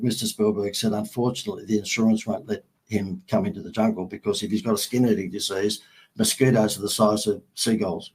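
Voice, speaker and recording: A middle-aged Australian man, a marketing agency founder, telling lively anecdotes as an interview guest, acting out the dialogue and laughing as he goes. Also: fairly low pitch, slightly rough, rough recording. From Sydney, Australia. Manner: animated storyteller who acts out quoted dialogue and laughs at his own anecdotes. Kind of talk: storytelling in an interview.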